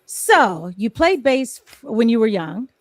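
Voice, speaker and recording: A woman's voice: a little high, big pitch swings, takes it slowly, no room sound. A woman hosting a casual live-stream interview show, chatty and reading viewer comments aloud. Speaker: talk show host.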